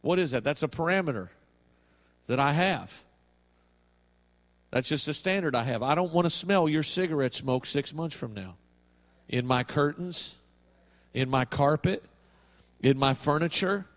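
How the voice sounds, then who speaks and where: A man's voice: a little high, unhurried, pauses often. A middle-aged male pastor preaching a sermon in a folksy, humorous storytelling way.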